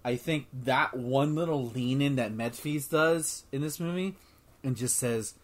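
A man hosting a casual movie review podcast, talking in an excitable, rambling way with frequent swearing and restarts. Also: mid-range voice, unhurried. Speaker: podcast host.

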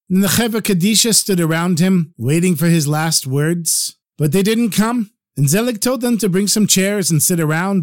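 A man telling a religious folk tale in a slow, dramatic storytelling manner. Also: high-pitched, no room sound, clean studio sound.

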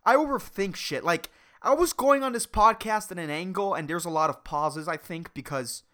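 Her voice sits fairly low and moves at a moderate pace as she hosts a solo podcast rant. She comes across as over-caffeinated and excitable, rambling, cursing heavily, and interrupting herself.

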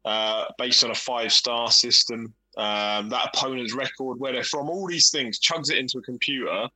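A man's voice: mid-range voice, moderate pace, pushed and bright, low-quality recording. A man co-hosting a casual podcast, blunt and sweary as he explains things at length. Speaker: podcast co-host. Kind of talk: casual chat.

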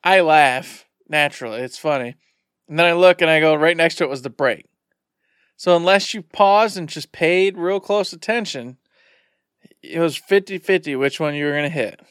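Animated man with a smooth voice. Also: on the high side, moderate pace, dry recording, clean studio sound. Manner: animated, rambling retelling with filler words. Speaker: podcast co-host. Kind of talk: casual storytelling.

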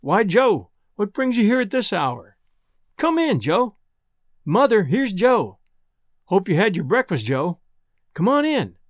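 A man's voice: high voice, sing-song, a little slow, pauses often, no echo, clean studio sound. A man reading a storybook, voicing a sweet, cheerful young village woman in a lightly raised voice.

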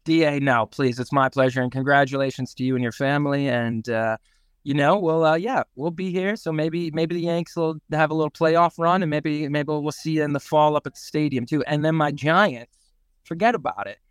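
A man's voice: on the high side, steady tone, fairly quick, smooth, no room sound, studio quality. A man, a stage actor and singer, chatting loosely as an interview guest with lots of fillers. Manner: laid-back, loose, with many fillers. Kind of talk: casual interview chat.

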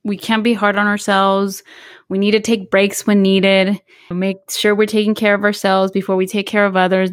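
A woman co-hosting a podcast, speaking in a calm, measured way as she wraps up the conversation in casual chat. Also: mid-range voice, no room sound, studio quality. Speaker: podcast co-host. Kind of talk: casual chat, wrapping up episode.

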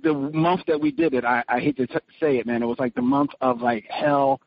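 A man's voice: mid-range voice, brisk, no room sound. A man hosting a podcast, talking in a rambling way with many fillers and restarts. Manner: rambling, filler-heavy, self-correcting. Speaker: podcast host. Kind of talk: casual chat. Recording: dry dull lo-fi podcast audio.

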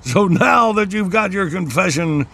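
A man's voice: sits high, animated, unhurried, sharp tone, full character voice. A man doing a slurring hungover Irish drunk. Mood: sheepish. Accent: put-on Irish. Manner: slurring, hesitant, stammering.

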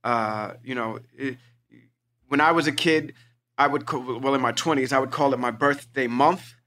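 A middle-aged man co-hosting a podcast, telling stories in an excitable, animated way. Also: medium pitch, moderate pace. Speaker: podcast co-host. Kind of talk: casual chat.

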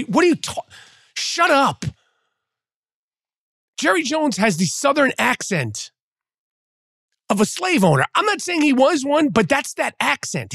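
Man, podcast host, mocking profane rant, gravelly, dry. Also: very high-pitched, a bit bright, no room sound. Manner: profane, mocking, trash-talking. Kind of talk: sports rant.

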